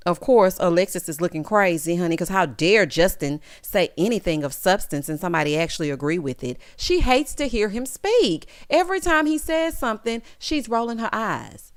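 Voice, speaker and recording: A woman's voice: mid-range voice, brisk, few pauses. A woman giving a sassy, casual recap of a reality show, mimicking the cast as she goes. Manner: sassy, animated, quotes cast members in mock voices.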